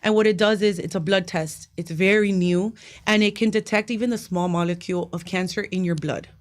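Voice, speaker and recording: A woman guest in a casual interview, telling a personal story quickly and animatedly, sometimes acting out what people said. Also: on the low side. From Miami, United States. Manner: fast, animated storytelling with acted quotes. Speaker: interview guest, cancer patient.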